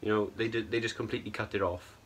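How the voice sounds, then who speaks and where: A man's voice: on the low side, fairly even intonation, fast, fairly bright tone, husky. A young man giving a casual, exasperated film review, rambling and tagging his points with "right?" and "bro". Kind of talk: ranting film review vlog.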